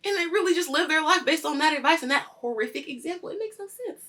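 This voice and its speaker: Woman host, casual episode review, lively swooping voice, bright tone. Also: high voice, fast. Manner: animated, swears freely, acts out scenes. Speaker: host of a weekly culture show.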